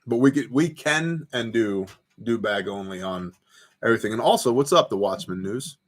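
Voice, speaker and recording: A man's voice: on the low side, lively intonation, normal speed. A man hosting a casual livestream from his home porch, reading viewer comments aloud and telling rambling stories with lots of fillers. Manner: laid-back, rambling storyteller with fillers. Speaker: host of a prepper livestream.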